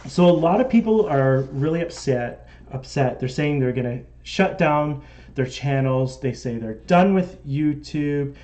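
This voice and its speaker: A man's voice: fairly high pitch, lively intonation, measured pace, mellow. Chatty Canadian man hosting a live stream. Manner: chatty, reads out viewer comments. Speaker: model railroad live-stream host. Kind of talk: casual live-stream chat.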